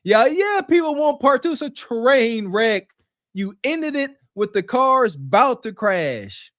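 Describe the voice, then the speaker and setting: A podcast co-host in a playful, mocking mood who jokes about the clip. His voice sits high and swings widely, and the sound is dry and close. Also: very animated, takes it slowly, fairly bright tone, no echo. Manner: joking, teasing, laughs often. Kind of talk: reaction podcast banter.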